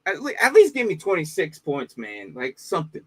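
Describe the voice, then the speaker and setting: A man's voice: a little high, huge pitch swings, fairly quick, slightly rough. A man co-hosting a casual sports podcast, laid-back, often trailing off and tossing in "bro" and "man". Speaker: podcast co-host.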